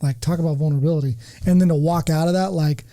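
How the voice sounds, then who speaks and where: A man's voice: on the high side, fairly even intonation, quick pace, mellow, low-quality recording. A man sharing earnestly and emphatically in a casual podcast chat, speaking in terms of faith. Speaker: podcast guest, returning regular.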